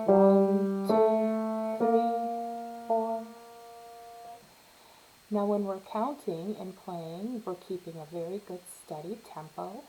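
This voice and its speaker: A woman's voice: lowish voice, low-quality recording. A woman teaching a step-by-step piano lesson, patiently explaining and counting beats aloud while she plays. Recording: soft piano playing behind her.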